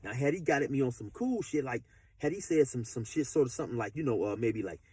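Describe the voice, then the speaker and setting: Brief: husky man, rambling casual storyteller, lively ups and downs, dry sound. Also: medium pitch, quick pace, dry recording. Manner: rambling, repeats fillers like "you know, like I say".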